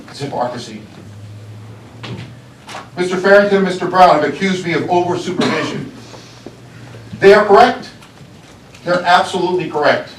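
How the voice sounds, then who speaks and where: High-voiced sheriff addressing a council chamber. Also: male voice, slight background noise. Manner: accusatory, deliberate, repeats phrases for emphasis. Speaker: county sheriff. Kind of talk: public address at a government meeting. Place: county board meeting chambers. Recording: echoey chamber, voice from far off.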